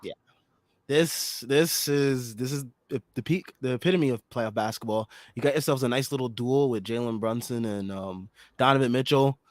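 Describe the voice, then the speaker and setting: A man hosting a casual postgame basketball show, chatty and excitable, full of fillers, his voice a little hoarse from screaming. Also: medium pitch, moderate pace. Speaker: podcast host.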